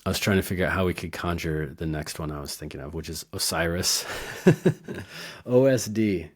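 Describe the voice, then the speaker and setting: Deep-voiced rambling man musing on herbs. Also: normal speed. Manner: rambling, playful, laughs at own wordplay. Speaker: herbalist podcast host. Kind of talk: casual educational monologue.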